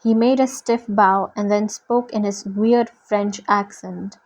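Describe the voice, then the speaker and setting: A woman reads a novel aloud at a slow, unhurried pace. Her pitch is of middle height and her reading stays steady and deliberate. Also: poor audio. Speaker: reader.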